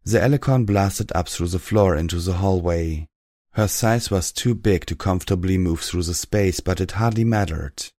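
Deep-voiced man reading a dark story. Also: moderate pace, no echo, studio quality. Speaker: audiobook narrator. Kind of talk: first-person fan fiction reading.

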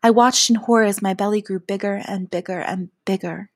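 A woman narrating a first-person adult audio story in a soft, often half-whispered delivery. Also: medium pitch, steady tone, a little fast, dry recording, studio quality.

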